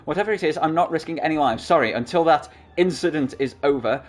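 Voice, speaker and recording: A man voicing a matter-of-fact woman airship captain in a game, reading her lines crisply. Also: fairly high pitch, quick pace, natural voice. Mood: firm. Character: brisk woman airship captain refusing danger.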